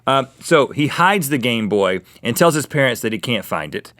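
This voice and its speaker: A man co-hosting a comedy talk show, his pitch swinging widely as he jokes and tells stories. His voice is dry and close, with no room sound around it. He keeps a playful, teasing tone. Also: very animated, normal speed, fairly bright tone, no echo. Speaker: co-host. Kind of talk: comedic casual banter.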